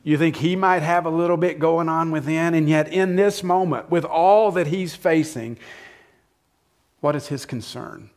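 A man preaching a sermon in a conversational way, asking the listeners questions and acting out lines with sudden shifts between loud and soft. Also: a little high, a little slow. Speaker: pastor.

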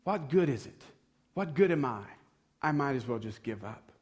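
A man's voice: mid-range voice, expressive, normal speed, close to an everyday voice. A man preaching voices a grown male fisherman disciple who condemns himself in a pleading inner monologue. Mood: defeated.

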